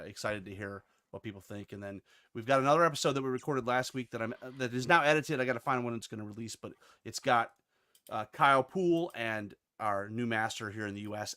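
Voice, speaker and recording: A man's voice: fairly low pitch, sharp tone. Rambling, upbeat American man. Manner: rambling, upbeat, full of restarts. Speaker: podcast host. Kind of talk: casual chat.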